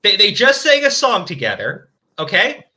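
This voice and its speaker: Bright, lively man mocking fan fiction. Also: high-pitched, moderate pace. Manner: mocking, profane asides. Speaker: stream host. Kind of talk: reading fan fiction aloud with commentary.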